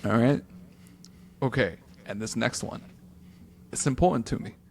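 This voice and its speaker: A man's voice: medium pitch, measured pace, a little hiss or hum. A man co-hosting a casual sports podcast, telling stories playfully and laughing often. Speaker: podcast co-host.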